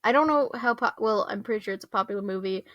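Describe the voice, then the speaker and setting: A woman's voice: medium pitch, quick pace, a bit bright, no room sound. A young woman rambling through a casual rant, full of fillers, restarts and small laughs. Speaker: vlogger.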